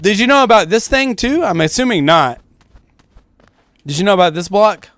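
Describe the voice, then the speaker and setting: A man's voice: high voice, expressive, moderate pace, a bit bright, no room sound. Rambling, foul-mouthed male game streamer. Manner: rambling, chatty, swears freely. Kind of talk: casual gameplay commentary.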